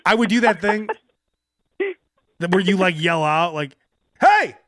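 A man co-hosting a casual wrestling podcast who laughs a lot and breaks into loud mock shouts. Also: high voice, a little slow, background noise. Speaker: podcast co-host. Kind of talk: casual chat.

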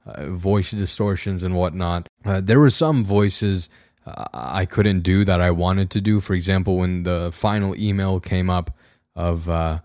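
A young man hosting his own podcast, talking casually in a slightly raspy voice, rambling in a wry, self-deprecating way with frequent restarts. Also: low-pitched, steady tone, unhurried, darkish tone, no echo, clean studio sound. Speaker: podcast host. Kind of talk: casual solo podcast monologue. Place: room at home with a camera on a tripod.

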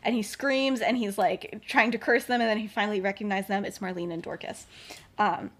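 A woman's voice: medium pitch, fairly even intonation, brisk. A woman hosting a podcast, retelling a story casually and at length. She fills her talk with fillers and chatty asides. Her voice sits in the middle of the range. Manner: chatty, with many filler words. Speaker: podcast host.

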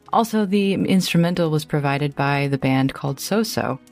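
A woman's voice: sits low, animated, measured pace, darkish tone, soft background music. A woman running a tabletop game as game master, chatty and descriptive.

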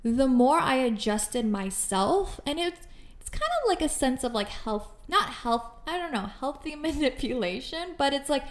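A woman co-hosting a casual podcast chat, talking in an animated way and often filling with "like" and "you know.". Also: high voice, normal speed. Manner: animated, chatty, many fillers like "like" and "you know". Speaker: podcast co-host.

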